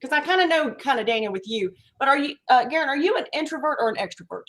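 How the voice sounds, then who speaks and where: Quick, chatty higher-voiced woman. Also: lively intonation, a bit bright. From the Carolinas. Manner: chatty, playful. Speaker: guest co-host. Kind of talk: casual live stream chat.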